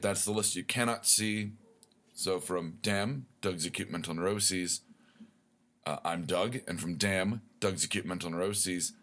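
A man's voice: low-pitched, a bit bright. A man hosting a podcast, ranting in a worked-up, profane, rambling way. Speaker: podcast host. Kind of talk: comedic rant.

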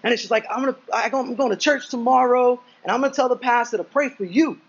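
A man's voice: very high-pitched, quick pace, vocal fry, slightly rough, muffled recording. A young man preaching a sermon, drawing in the congregation with questions and acting out quoted voices. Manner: engaging, asks congregation questions. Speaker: pastor.

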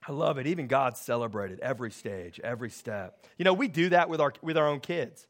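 A man in his thirties preaching a sermon as pastor, telling stories with lively, excited delivery that grows loud. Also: medium pitch, fairly quick, hardly any pauses.

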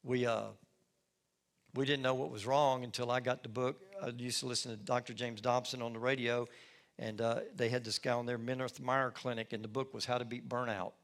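A man's voice: mid-range voice, little pitch movement, fairly quick, a bit bright. A middle-aged man, a lead pastor telling a personal story in a sermon with folksy, self-deprecating humor.

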